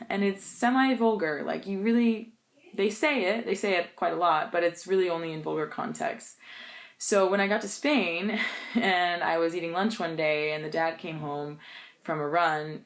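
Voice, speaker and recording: A young woman, an English speaker, vlogging in a casual storytelling style, laughing often as she talks. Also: on the low side.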